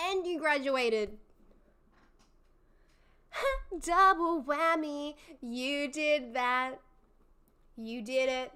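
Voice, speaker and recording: Young woman streamer, bright high voice, unhurried, gushing and supportive toward her chat. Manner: effusive and encouraging, laughs often. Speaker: livestream host. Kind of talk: casual live chat with viewers.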